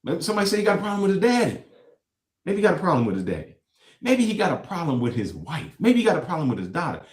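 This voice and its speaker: A man hosting a talk show, giving animated, preachy commentary on clips and acting out quotes. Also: fairly high pitch, fast talker, echoey room. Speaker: podcast host. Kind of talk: casual commentary reacting to clips.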